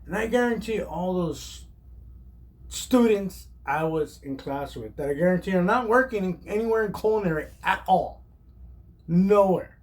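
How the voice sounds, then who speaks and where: Animated man telling a story. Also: high-pitched, moderate pace. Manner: animated, emphatic, heavy use of "like". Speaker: chef. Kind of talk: casual personal storytelling.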